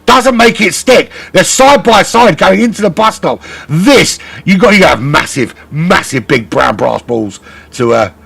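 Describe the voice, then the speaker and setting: A man's voice: a little high, gravelly, a bit bright, slightly rough. A man commentating a sim race live, chatty and rambling, often correcting himself.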